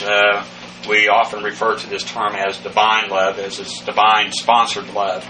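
A man's voice: fairly low pitch, far from the mic, noisy background. Methodical male Bible teacher, set back from mic. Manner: methodical, spells out Greek words letter by letter; frequent "uh" fillers and restarts. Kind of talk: verse-by-verse Greek Bible lesson.

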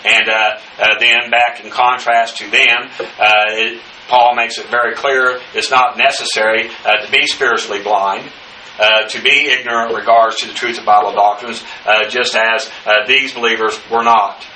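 A man teaching the Bible verse by verse, speaking haltingly with many fillers and spelling out Greek words letter by letter. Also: mid-range voice, fairly even intonation, pushed and bright. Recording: echoey room, distant mic, faint noise.

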